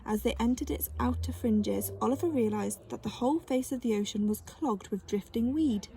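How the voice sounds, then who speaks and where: A woman reading a children's novel aloud with gentle, expressive storytelling. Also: fairly high pitch, normal speed, gravelly, hardly any pauses. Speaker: narrator.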